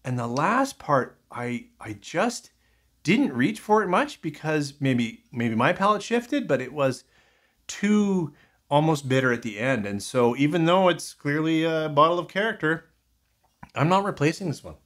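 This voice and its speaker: A man's voice: on the high side, lively intonation, unhurried, fairly bright tone. A man casually reviewing whiskies in a rambling, thinking-aloud way, full of fillers and restarts.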